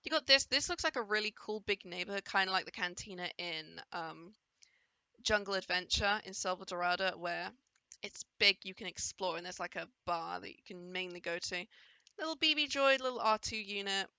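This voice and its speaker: A woman's voice: mid-range voice, moderate pace, pushed and bright, clean tone, dry recording. A woman giving casual, enthusiastic commentary over a game trailer, now and then playfully voicing the characters she sees. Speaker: gaming video creator reacting to a trailer.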